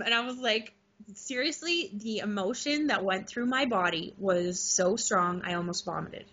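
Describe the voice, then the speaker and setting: A middle-aged woman telling an excited story in a casual interview, laughing often. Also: medium pitch, measured pace. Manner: animated, laughing, gushing. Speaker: guest. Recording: muffled lo-fi recording.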